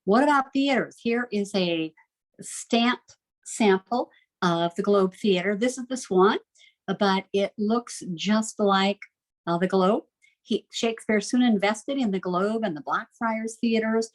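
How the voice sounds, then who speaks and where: A woman's voice: medium pitch, measured pace, poor audio. A woman teaching a recorded homeschool literature lecture, chatty and enthusiastic, with frequent "uh" fillers.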